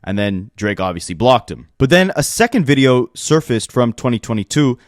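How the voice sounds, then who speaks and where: A man with a mid-range voice delivers brisk, opinionated commentary with plenty of sarcasm. He is recorded on a close mic in a dry room with no echo. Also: mid-range voice, sing-song. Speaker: rap commentary YouTuber. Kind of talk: scripted commentary.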